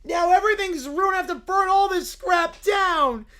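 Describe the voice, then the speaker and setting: A man voicing a bratty young boy in a furious tantrum, whining, shouting and tearful as he reads a story in character. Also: extremely high pitch, normal speed, pitched above the performer's own voice. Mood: whiny tantrum. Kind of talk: reading an AI-written story in character.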